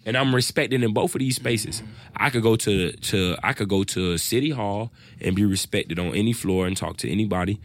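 A man, a rapper, telling his own stories in a loose, profane, animated way, often quoting what others said. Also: lowish voice, normal speed, no echo. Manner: animated, profane storytelling with quoted voices. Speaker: rapper and guest. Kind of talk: casual storytelling chat.

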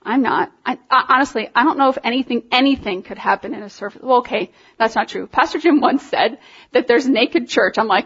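Animated woman preaching, lo-fi sound. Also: fairly high pitch, normal speed, husky. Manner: animated, conversational, emphatic, many fillers. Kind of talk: informal sermon.

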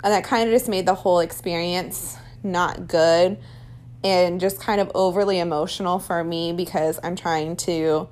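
A woman's voice: lowish voice, fairly even intonation, normal speed, a little mellow. A young woman casually telling her own birth story, chatty and candid with plenty of "um" and "like". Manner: chatty and candid, many fillers like "um" and "like". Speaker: mother sharing a birth story.

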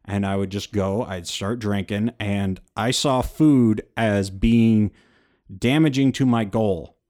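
A man with a lowish voice co-hosts a relaxed podcast. He tells candid, self-deprecating stories at an easy pace and often stops on "uh" and "um". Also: slow. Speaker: podcast co-host. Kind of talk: casual conversational podcast.

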